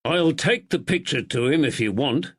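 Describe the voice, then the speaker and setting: A man's voice: a little high, animated, normal speed, slightly rough, voice pushed up. A man voicing a plain-spoken, good-humoured constable who talks in a plain, friendly way.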